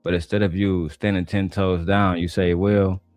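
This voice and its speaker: A man's voice: low voice, flat delivery, normal speed, darkish tone, no echo, faint music behind. A man from Detroit reacting to a debate on his stream, ranting bluntly and with heavy profanity.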